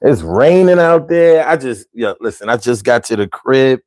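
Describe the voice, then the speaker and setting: Animated man hosting a livestream. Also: normal speed. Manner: animated, swings from low mutters to loud exclamations; street slang, conversational. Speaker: livestream host. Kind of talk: casual livestream talk reading chat. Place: home.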